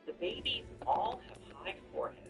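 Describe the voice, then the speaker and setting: A man voicing an excitable older grandmother who dotes on her new grandchildren, scolding and gushing by turns. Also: moderate pace, lightly acted. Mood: doting. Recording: distant mic with background music.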